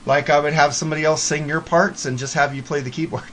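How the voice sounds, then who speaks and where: Blunt high-voiced man giving advice. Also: steady tone, quick pace, heavy background noise. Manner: blunt, frank, swears casually. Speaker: podcast co-host. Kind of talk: casual chat.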